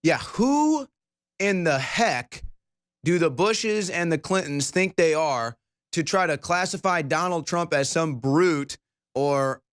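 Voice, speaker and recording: A man's voice: fairly high pitch, expressive, slow pace, fairly bright tone. A man hosting a political talk show, sounding incredulous and emphatic.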